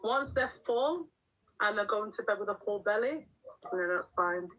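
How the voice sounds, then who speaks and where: A woman's voice: medium pitch, animated, normal speed, a bit bright, dull audio. A middle-aged woman, chatting frankly on a live stream as a mum, laughing often and answering the chat. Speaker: livestream host and mum. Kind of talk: casual live-stream chat reading viewer comments.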